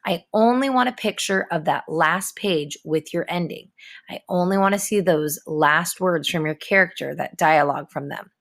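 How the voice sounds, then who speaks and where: A woman teacher giving a recorded writing lesson to her students in a clear, instructive and repetitive way. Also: fairly low pitch, normal speed.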